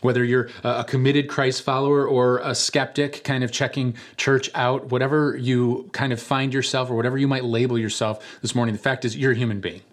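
A man's voice: medium pitch, a little fast, hardly any pauses. Conversational male pastor preaching. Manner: conversational storytelling with animated voices for quoted characters. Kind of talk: sermon.

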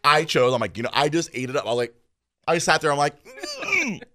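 A man hosting a podcast, chatting casually in a crude, animated way, laughing often and shouting out quoted lines. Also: fairly high pitch, quick pace, no room sound, clean studio sound. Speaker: podcast host. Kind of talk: casual chat.

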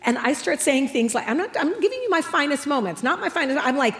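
A middle-aged woman preaching to a crowd with a bright, slightly high voice. She tells a humorous story with animated, self-mocking energy. The sound carries a long reverb from a large hall. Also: fast talker, hardly any pauses. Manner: animated, self-mocking, acts out family dialogue. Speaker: speaker. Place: large hall with a live audience.

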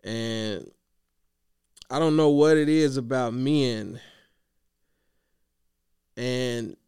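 A man talks straight to camera in a casual vlog, venting about coaching with slangy, animated talk. His voice is gravelly yet smooth and full. It sounds close and dry, with no room around it, and he seems worn out from yelling. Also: mid-range voice, very slow, no room sound. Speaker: youth basketball coach.

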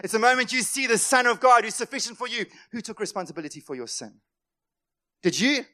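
A man preaching a sermon as pastor, impassioned, swinging between loud emphatic lines and quiet asides, and acting out the voices of worried people. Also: very high voice, sing-song, brisk.

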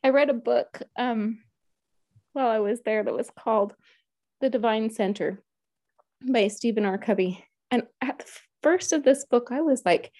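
A woman in her thirties recounts her story in an earnest, heartfelt way. Her voice is mellow and warm, and the recording sounds close and dry. She often quotes her own prayers and thoughts. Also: fairly high pitch, normal speed, pauses often, no echo. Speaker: guest sharing a personal story. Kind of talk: emotional personal storytelling.

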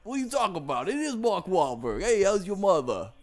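A man's voice: sits high, big pitch swings, brisk, faint music behind, pitched above the performer's own voice. A man putting on the voice of a cocky, self-promoting middle-aged movie star who rambles and brags. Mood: boastful.

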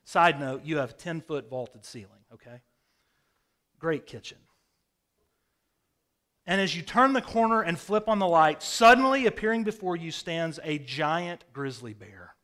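A man preaching a sermon, telling vivid stories with sudden swings from loud bursts to quiet, hushed phrases. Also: a little high, very animated, measured pace. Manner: storytelling, dramatic swings in loudness. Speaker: pastor. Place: rural home with a hayfield.

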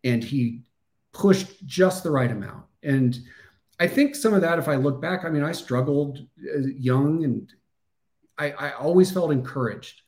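A middle-aged man with a Midwestern American accent, talking casually as an interview guest, thoughtful and halting, with restarts and fillers. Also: on the high side, darkish tone. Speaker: podcast guest, former wrestler.

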